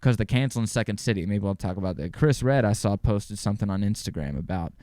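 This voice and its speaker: A man's voice: on the low side, fast, darkish tone, no room sound. Casual swearing man, dry close sound. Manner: rambling, swears freely, laughs easily. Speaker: podcast host. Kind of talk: casual solo podcast talk.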